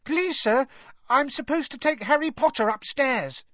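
A man voicing an eager, nervous young schoolboy with a high squeaky voice. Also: fairly bright tone, no echo, highs cut off. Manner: high squeaky fast pleading.

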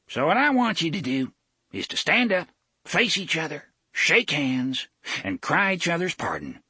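Brief: male narrator as pudgy blustering sheriff, raised pitch, lively folksy swings. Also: measured pace, husky, no echo, exaggerated voice. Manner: blustering, folksy dialect, wheedling. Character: pudgy pompous small-town male sheriff.

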